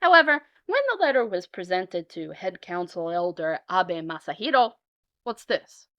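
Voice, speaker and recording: A woman's voice: fairly low pitch, sing-song, moderate pace, bright, forceful tone, highs cut off. A woman telling a comic historical story as a storyteller, playfully switching into character voices.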